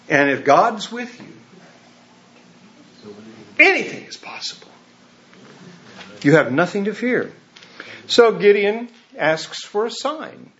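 A male pastor preaching a lively, conversational sermon at a church service, full of casual asides. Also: high voice, measured pace, long pauses. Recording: muffled lo-fi recording.

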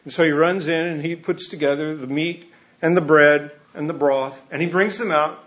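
A male pastor preaching a lively, conversational sermon at a church service, full of casual asides. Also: on the high side, normal speed. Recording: muffled lo-fi recording.

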